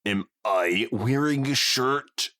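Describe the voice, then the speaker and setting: A man's voice: mid-range voice, slow pace, sharp tone, no echo, studio quality. A man voicing a brash tomboy pony girl who talks in a cocky, taunting way.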